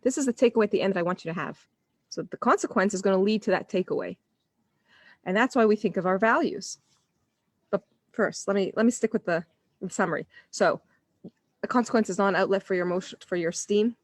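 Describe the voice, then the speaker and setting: A woman's voice: mid-range voice, fast, long pauses, no room sound, clean studio sound. A woman parenting coach speaking casually on a live stream, telling stories and acting out quoted dialogue.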